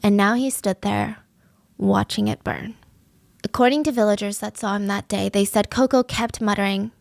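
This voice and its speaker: Gravelly-voiced woman telling a crime story. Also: medium pitch, steady tone, moderate pace, no room sound, clean studio sound. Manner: conversational, with casual fillers. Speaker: true-crime podcast host. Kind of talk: casual true-crime storytelling.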